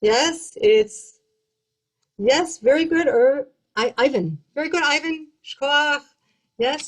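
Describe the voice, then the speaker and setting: A woman's voice: sits high, lively intonation, slow, poor audio. A woman cantor teaching a song over a video call, explaining in a chatty way with fillers and restarts. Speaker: cantor and guest host.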